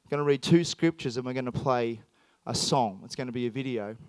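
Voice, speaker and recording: An Australian man preaching a sermon, telling stories in an animated, emphatic way with frequent restarts. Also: medium pitch, fairly quick, dry recording. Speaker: pastor. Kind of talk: sermon with personal storytelling.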